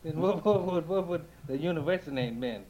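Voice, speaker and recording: A man's voice: fairly high pitch, expressive, brisk, mellow, lo-fi sound. A man with a Southern US accent, chatting casually and mostly chiming in with short, agreeing replies. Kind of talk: casual chat.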